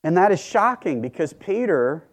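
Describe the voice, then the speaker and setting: A man preaching a sermon in a measured, earnest way, with dramatic pauses. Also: high-pitched, very animated.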